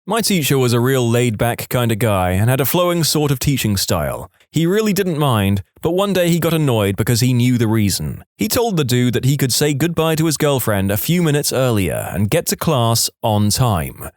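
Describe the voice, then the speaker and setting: A man reading online stories aloud as scripted narration, expressive, with dry asides. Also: mid-range voice, moderate pace, hardly any pauses, no echo.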